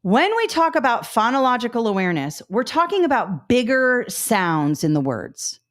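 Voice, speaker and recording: A woman's voice: fairly high pitch, big pitch swings, normal speed. Upbeat woman teaching a webinar. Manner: upbeat, coaching, talks through examples. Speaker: test prep instructor.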